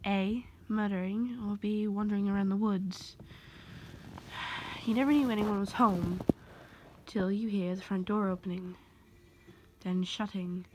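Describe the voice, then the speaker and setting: A woman's voice: mid-range voice, darkish tone, slight background noise. A woman casually reading a second-person fan story aloud, rambling and correcting herself as she goes. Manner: loose, rambling delivery with self-corrections. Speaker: amateur storyteller.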